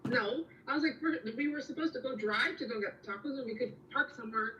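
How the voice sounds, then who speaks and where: A woman's voice: a little high, fast, sharp tone, roomy sound, far from the mic, dull audio, a little hiss or hum. A young woman telling a story in casual chat, rambling and slangy with lots of fillers.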